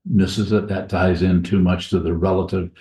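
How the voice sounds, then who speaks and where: A man giving a Dharma talk as a Buddhist teacher, speaking slowly and haltingly with many pauses and restarts, in a monastery meditation hall. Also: deep voice, flat delivery, mellow. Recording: echoey, dull room recording.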